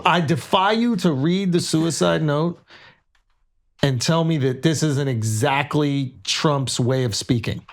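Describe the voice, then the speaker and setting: A man co-hosting a podcast, riffing in an animated, profane way. He is often incredulous. His voice sits a bit high for a man. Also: takes it slowly. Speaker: podcast host. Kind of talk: casual chat.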